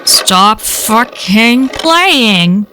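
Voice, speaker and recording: A woman voicing an inhuman woodland creature that mimics speech, in a halting, toneless way without any rhythm. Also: on the high side, animated, pushed and bright, slight background noise, heavily acted. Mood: demanding.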